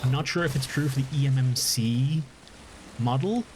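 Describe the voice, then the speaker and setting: A man's voice: medium pitch, normal speed, noisy background. A man with an Irish accent chatting casually on a live stream while gaming, rambling and often restarting his sentences. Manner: rambling, restarts and corrects himself.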